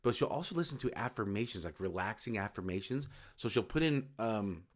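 A man hosts his own podcast solo, talking informally and rambling a bit as he restarts and corrects himself. His voice is on the low side, expressive and brisk.

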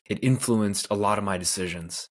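Male podcast host from Canada, lower voice, earnest confessional storyteller. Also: moderate pace. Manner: earnest, candid, loose with "like" fillers. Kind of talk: personal storytelling monologue.

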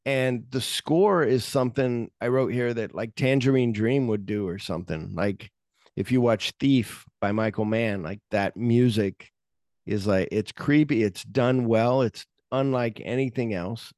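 A man's voice: medium pitch, unhurried, darkish tone, dry recording, clean studio sound. A man hosting a podcast, casually retelling film scenes in a rambling way, full of "like". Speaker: podcast host.

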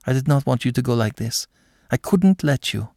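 A man voicing an earnest young woman who pleads eagerly and warmly for a friend. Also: mid-range voice, animated, normal speed, no room sound, clean studio sound, voice pushed up, lightly acted.

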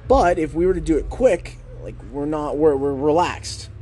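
A man's voice: fairly high pitch, dark tone, a little hiss or hum. A young man hosting a podcast, talking through a book in a casual monologue, shaping his tone up and down on purpose and tossing in rhetorical questions. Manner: deliberate, rising and falling tone to keep listeners hooked; conversational, with filler "like" and rhetorical questions. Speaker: podcast host.

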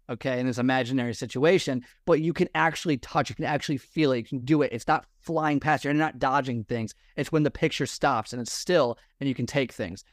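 A man's voice: medium pitch, dry recording, clean studio sound. A man, a fitness mentor, giving advice in a podcast talk, rambling with many restarts. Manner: rambling, repeats himself, restarts sentences. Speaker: guest, fitness and lifestyle mentor. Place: room full of personal stuff.

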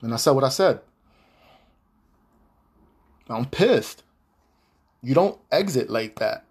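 This man's voice leans high and a little mellow as he hosts a podcast. His monologue to an ex-partner is heated, profane, and repetitive.

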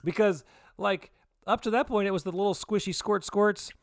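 A man in his forties co-hosting a podcast, telling a story in casual, excitable chat. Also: moderate pace, vocal fry, no echo, studio quality. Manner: excitable storyteller, jumps pitch for quoted voices. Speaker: podcast co-host.

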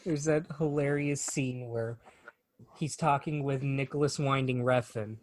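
A man on a casual chat show, recounting scenes at length in an animated, joking way. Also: medium pitch, unhurried, dry recording, rough recording. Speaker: podcast co-host.

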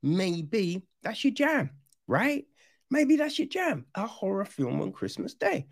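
Reviewer, slow-paced but swingy delivery, dry close sound, casual and sweary. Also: medium pitch, vocal fry, dry recording. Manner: animated, swearing, acts out reactions. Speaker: film reviewer.

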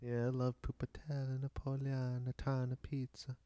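A man with a mid-pitched, smooth voice tells stories eagerly and keeps the chat light. The sound is close and dry. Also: monotone, normal speed, warm tone, no room sound. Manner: chatty, laughing, eager storyteller. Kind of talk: casual chat.

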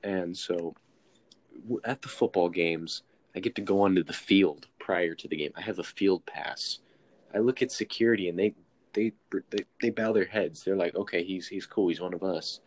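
A man's voice: deep voice, normal speed. A young man from Texas, telling a self-mocking story in casual chat and acting out the quotes.

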